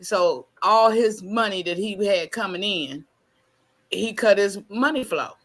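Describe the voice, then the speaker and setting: A woman's voice: mid-range voice, measured pace. A woman chatting on a live stream, repeating her point insistently as she talks over a man. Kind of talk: casual chat.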